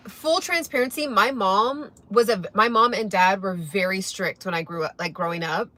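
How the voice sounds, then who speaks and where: With a medium-pitched voice and a sharp tone, this young woman speaks at a moderate pace with few pauses. The vlogger rambles chattily to her viewers while eating breakfast on camera.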